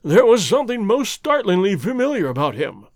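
A man voicing a mild, puzzled old gentleman scholar with a musing manner. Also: high voice, sing-song, measured pace, creaky, dry recording, studio quality, voice pushed up, exaggerated voice.

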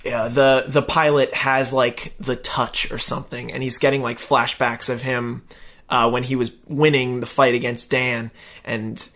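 A man in casual podcast chat, retelling scenes with lively quoted voices. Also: medium pitch, measured pace. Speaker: podcast co-host. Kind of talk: casual chat recapping a show.

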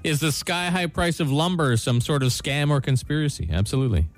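A man co-hosting a radio show, speaking in a dry, matter-of-fact, measured way. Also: on the high side, expressive, soft background music. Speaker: radio co-host. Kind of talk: casual chat.

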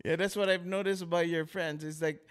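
A man's voice: fairly high pitch, steady tone, brisk, clear, resonant tone. A man co-hosting a podcast in casual chat, eager and prone to stammering restarts. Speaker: podcast co-host.

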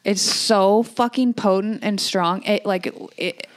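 A woman's voice: medium pitch, fairly even intonation, slow. A young woman co-hosting a casual podcast, speaking bluntly and swearing offhandedly. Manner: blunt, swears casually, plain conversational delivery. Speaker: podcast co-host. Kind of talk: casual chat.

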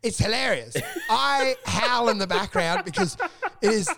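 A man, a comedian, tells stories in a high voice, swearing often and slipping into mimicry of others. The sound is dry and close to the mic, with no room around it. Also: big pitch swings, a little slow, creaky, bright, forceful tone, dry recording. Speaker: comedian and podcast co-host. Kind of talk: casual storytelling chat.

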